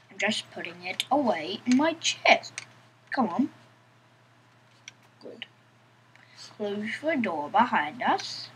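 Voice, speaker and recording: A woman's voice: mid-range voice, a bit bright, a little hiss or hum, rough recording. A woman giving casual let's-play commentary, chatting to herself in a playful, giggly way. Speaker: gameplay commentator.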